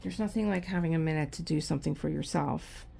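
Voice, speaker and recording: A woman's voice: low voice, fast talker, vocal fry, dark tone, slightly rough. A middle-aged woman hosting a craft video, chatting casually to the camera and talking to herself in frustration as she works.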